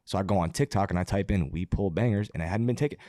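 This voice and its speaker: A man telling a story as a podcast guest, in a casual, animated way, swearing and laughing as he talks. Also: deep voice, fast, no room sound, studio quality. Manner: animated, profane, laughs mid-sentence.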